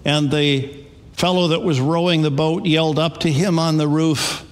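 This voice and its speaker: A man's voice: on the high side, level tone, normal speed, clean tone. A man preaching a sermon as pastor, telling stories in a conversational way with small restarts. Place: church sanctuary. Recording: long reverb of a large hall.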